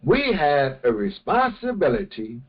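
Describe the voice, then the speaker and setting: A man teaching a morning religious session, speaking slowly and deliberately and often restarting his phrases. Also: on the high side, big pitch swings, lo-fi sound. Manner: slow, deliberate, with many restarts. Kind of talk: morning lecture.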